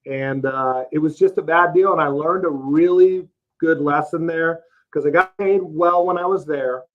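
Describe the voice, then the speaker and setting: A man's voice: fairly high pitch, moderate pace. A man in his fifties from Texas, a roofing company CEO telling his career story as a guest in a casual interview, plain-spoken and folksy. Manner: plain-spoken, folksy, lots of "uh" and "you know". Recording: slightly dull, lo-fi podcast audio.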